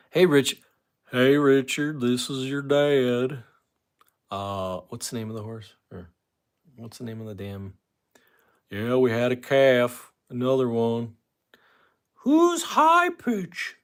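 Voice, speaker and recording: Walking around a room at home with an autograph wall behind him, a livestream host rambles casually and reads viewers' comments aloud. His voice sits somewhat low and has a slightly bright tone.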